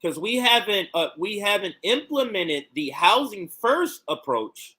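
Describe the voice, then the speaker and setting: A man's voice: sits high, sing-song, a little slow, bright, forceful tone. A man hosting a political livestream, reacting to clips and arguing with pointed rhetorical questions. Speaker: political commentary host.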